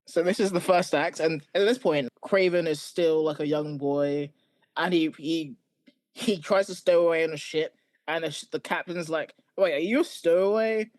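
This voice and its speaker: A man with a fairly high voice rattles off wry plot recaps on a podcast. He talks casually and quickly. The recording is dry and close. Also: steady tone, no room sound. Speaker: podcast co-host. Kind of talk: casual chat.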